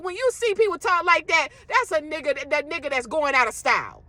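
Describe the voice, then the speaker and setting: A woman's voice: high voice, brisk, hardly any pauses, sharp tone, no echo. A woman delivering a blunt, emphatic rant to her viewers, with profanity. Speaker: social media commentator. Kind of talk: ranting monologue to viewers.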